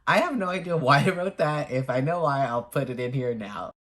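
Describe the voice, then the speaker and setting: A young woman recaps a movie in a loose, chatty vlog, laughing between sentences. Her voice sits low. She drops into playful impressions of the characters as she goes. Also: animated, a little fast, fairly bright tone. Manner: chatty, laughing, acts out quotes. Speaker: movie reviewer and vlogger. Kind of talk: casual chat.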